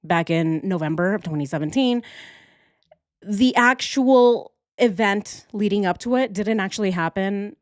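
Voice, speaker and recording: A woman's voice: mid-range voice, unhurried, no room sound, clean studio sound. A woman hosting a casual livestream, joking with her chat and thinking aloud as she works through a timeline. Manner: playful, jokey, addresses chat directly. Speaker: true crime livestream host.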